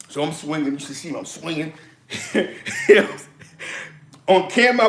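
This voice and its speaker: Man, New York accent, slangy, laughs a lot, slightly high voice, roomy echo. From East Harlem, New York. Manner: laughing, slangy, animated storytelling. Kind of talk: casual storytelling.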